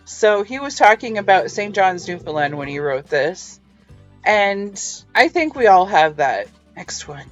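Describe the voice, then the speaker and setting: A woman's voice: medium pitch, sing-song, unhurried, lo-fi sound, soft background music. A woman hosting a casual book review, musing over passages with wry, chatty asides. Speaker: book reviewer and podcast host.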